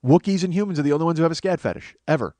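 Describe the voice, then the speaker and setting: A man's voice: fairly high pitch, rapid-fire, dark tone, dry recording. A man hosting a comedy podcast alone, rambling in a self-mocking way, losing his train of thought and sounding tired from lack of sleep. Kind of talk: rambling solo comedy monologue.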